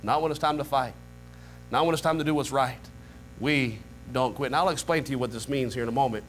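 A man preaching a sermon as pastor, with quiet prayer passages and rising, emphatic build-ups. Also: fairly quick, slight background noise. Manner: leads a quiet low prayer. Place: church sanctuary.

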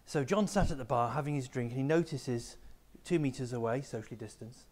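A man delivers a school assembly talk at an ordinary, middling pitch. He explains things plainly and speaks straight to the pupils, like a teacher walking them through an idea. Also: brisk, darkish tone. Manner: explanatory, addresses pupils directly. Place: school room with a small live audience.

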